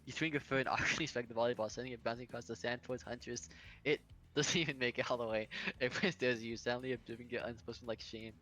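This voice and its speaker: Bright-voiced man reading a game aloud. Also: medium pitch, fairly even intonation, fast. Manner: laughs often, reads narration then jokes about it. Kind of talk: casual game playthrough, reading and riffing.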